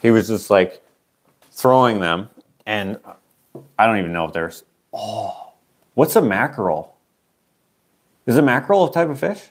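Chatty man, lowish voice. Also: expressive, unhurried, pauses often. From Canada. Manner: chatty, wanders off on tangents, self-interrupting. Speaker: livestream auction host. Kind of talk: rambling casual storytelling. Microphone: wearing a microphone.

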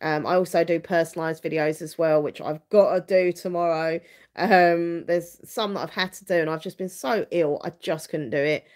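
Woman, thirties, low-pitched, rambling livestream chat, earnest. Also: steady tone, normal speed, darkish tone. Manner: rambling, frequent restarts and fillers, open and earnest. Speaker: vlogger hosting a livestream.

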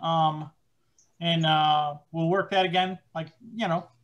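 Man, podcast host, casual chat, rambling, filler-heavy, slightly high pitch. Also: fairly even intonation, slow, fairly bright tone, lo-fi sound. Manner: rambling, many fillers and hesitations.

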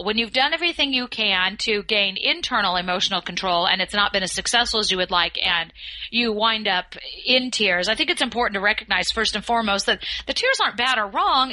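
A woman speaks with a bright, forward voice in a mid-range pitch. She is a communication skills expert answering podcast interview questions. She lays out her advice in a measured, articulate way. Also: no echo, rough recording.

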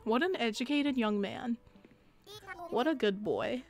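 A young woman streams a game live, gushing and excitable, her fairly high voice jumping into delighted squeals. Faint game music plays behind her. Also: measured pace, pauses often. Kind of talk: live gameplay stream chat.

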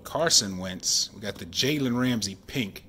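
A man, chatting excitedly while opening sports card packs at home and keeping his voice down. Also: lowish voice, a little slow, slight background noise. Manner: excited, chatty, says y'all often; keeping voice down while kid sleeps. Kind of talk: casual card-opening vlog. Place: home, at night.

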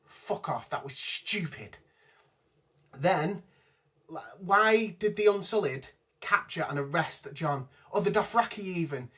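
A man's voice: on the high side, expressive, a little slow, fairly bright tone, breathy edge. A man giving an exasperated, profane rant reviewing a TV episode from his notes. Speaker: vlogger. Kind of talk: ranting TV review.

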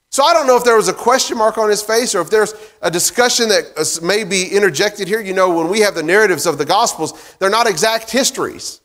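A man preaching in a relaxed, conversational way, often pausing on fillers and starting lines again. His voice sits a little high for a man. It rings through a church with a long, trailing reverb. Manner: conversational, many fillers and restarts. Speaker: pastor. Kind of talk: sermon. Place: church sanctuary.

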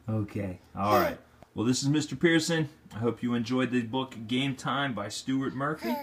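A man teacher reading a children's picture book aloud, animated and rising to high excited shouts at the exciting parts. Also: a little fast, background noise. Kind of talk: children's storybook read-aloud.

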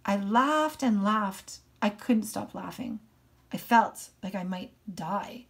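A woman teacher reading a novel aloud with expression, in a voice of ordinary pitch. She pauses now and then to comment on a passage and explain it to her students. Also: creaky. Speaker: English teacher.

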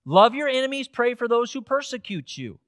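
A male pastor with a strikingly high voice delivers an earnest sermon. His words come in bursts, with restarts and repeated phrases, building to emphatic peaks. The sound is dry and close, with little room reflection. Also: sing-song, normal speed, fairly bright tone, dry recording. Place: church sanctuary.

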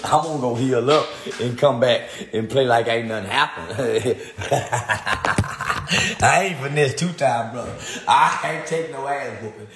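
Man, boastful taunting vlog rant, laughing, phone camera, roomy echo, faint ambience. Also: noisy background. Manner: taunting, boastful, laughing, swings loud and high. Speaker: internet personality. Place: outdoors in the sun.

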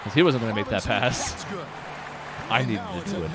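A man's voice: medium pitch, animated, moderate pace. A man co-hosting a basketball video game session, joking, laughing often and talking through his plays. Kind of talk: casual let's-play chat. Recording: game crowd audio underneath. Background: video game arena crowd.

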